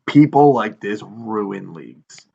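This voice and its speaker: A man in his thirties with a gravelly, fry-laden voice sitting slightly low in pitch, co-hosting a casual podcast chat. He tells stories animatedly and acts out quotes with exasperation. The audio sounds dull and lo-fi. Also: animated, slow, dark tone. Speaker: podcast co-host.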